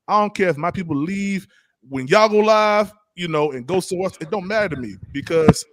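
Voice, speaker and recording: A man hosting a podcast, talking casually and a little haltingly, repeating words as he goes. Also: high-pitched, noisy background. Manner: relaxed, repeats words, laughs easily. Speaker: podcast host. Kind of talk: casual live-stream chat.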